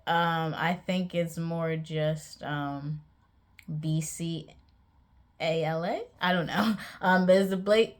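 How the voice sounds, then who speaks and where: A young woman talks straight to the camera in a relaxed home vlog. Her voice sits a little low, and she rambles with frequent ums and small pauses. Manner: chatty and hesitant, many ums, light laughs. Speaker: author vlogger. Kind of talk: casual vlog monologue.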